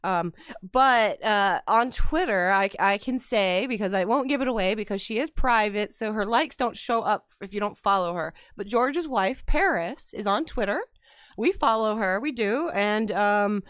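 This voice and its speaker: A woman's voice: medium pitch, normal speed, a bit bright, smooth, no echo. A woman co-hosting a casual podcast, chatty and full of fillers. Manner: chatty, with many fillers and laughs. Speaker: podcast co-host. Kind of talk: casual chat.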